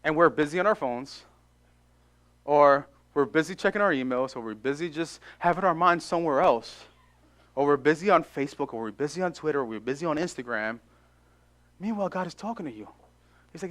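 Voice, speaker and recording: Male pastor, high voice, lively sermon delivery, acts out voices and repeats for emphasis. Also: a little fast, long pauses. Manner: animated preaching, acts out dialogue, repeats phrases for emphasis. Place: church.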